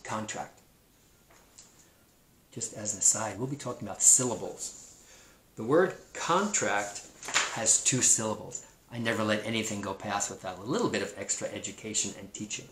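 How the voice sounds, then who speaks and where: Male teacher with a Pacific Northwest American accent, slow and patient, repeats words for little kids; somewhat low voice, echoey room. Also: slight background noise. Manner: slow, repeats new words for young children. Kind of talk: kindergarten-level explanatory lesson.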